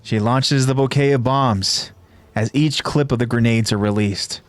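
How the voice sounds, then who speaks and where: A man who hosts a podcast, retelling an anime episode scene by scene in a steady, descriptive way. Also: mid-range voice, unhurried, no echo. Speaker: podcast host.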